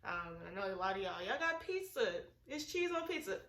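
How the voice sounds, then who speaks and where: A woman's voice: medium pitch, big pitch swings, fairly quick, fairly bright tone. A young woman hosting a casual chat in a laid-back, slangy way, sometimes breaking into giggles. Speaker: vlogger host. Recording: roomy echo, mic at a distance, faint noise.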